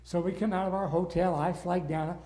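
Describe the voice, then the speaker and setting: Older male Bible study teacher, mellow and slightly high voice, earnest, gets wound up. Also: steady tone, brisk. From northern United States.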